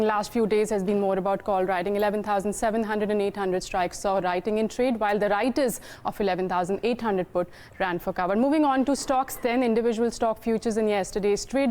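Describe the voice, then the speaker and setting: A woman with an Indian English accent runs through futures and options figures at an ordinary pitch. She delivers the numbers as a quick, data-packed live briefing. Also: a little mellow. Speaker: derivatives market reporter. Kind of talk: market data update.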